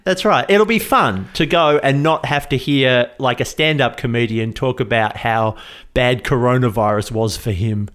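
A man hosting a casual comedy podcast, quick with jokes. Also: mid-range voice, fairly bright tone, clear, resonant tone. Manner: jokey, quick quips. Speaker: podcast host.

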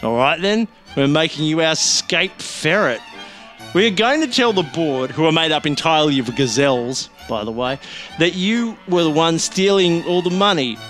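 A man's voice: fairly high pitch, animated, moderate pace, a bit bright, soft background music. A man voicing a large, crooked male zebra boss in a comic story, pompous in manner.

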